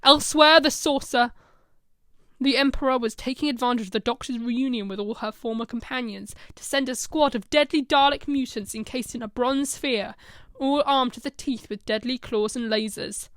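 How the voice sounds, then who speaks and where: A woman narrating a fan short story in a brisk storytelling manner. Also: a little high, a bit bright, dry recording.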